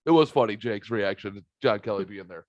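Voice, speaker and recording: A man from the Saint Louis area hosting a podcast, telling a story in casual chat, animated, swearing and acting out quotes. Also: on the low side, a little fast, no room sound, muffled recording. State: recovering from a sinus virus. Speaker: podcast host.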